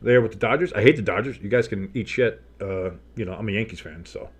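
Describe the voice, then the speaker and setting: A man's voice: on the low side, slightly rough. A man calling a game play-by-play as a fan commentator, rambling and joking with profane asides, saying he has had too much coffee. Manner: says he is talking fast on too much coffee.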